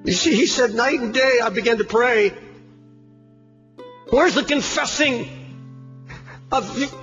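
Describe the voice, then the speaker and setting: A man preaching an impassioned sermon, firing rhetorical questions and swinging from loud cries to hushed tones. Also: very high-pitched, unhurried. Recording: dull lo-fi archive sermon recording with faint music.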